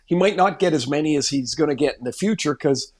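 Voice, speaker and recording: A man's voice: fairly high pitch, fast. A man co-hosting a hockey podcast, chatting casually and thinking aloud with frequent restarts. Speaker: podcast co-host. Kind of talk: casual sports chat.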